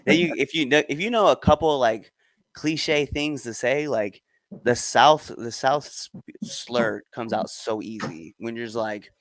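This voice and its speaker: A man's voice: mid-range voice, a little slow, no echo. A young adult man from the Midwest hosting a wrestling podcast, telling stories animatedly with laughs and the odd swear. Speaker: podcast host. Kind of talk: casual podcast chat.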